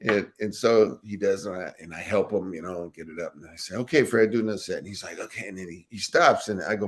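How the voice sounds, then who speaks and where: A man's voice: deep voice, a little fast. An older man, a former football linebacker, telling laughing stories in a casual interview. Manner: laughing, animated anecdotes with acted quotes.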